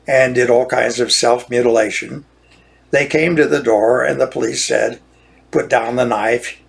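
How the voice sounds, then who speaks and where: Gravelly older man ranting indignantly. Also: mid-range voice. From United States. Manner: indignant, repetitive, restarts phrases. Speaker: retired lawyer. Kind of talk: monologue rant.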